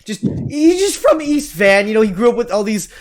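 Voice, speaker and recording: A man hosting a podcast in casual chat, excitable and quick to laugh. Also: sits high. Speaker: podcast host.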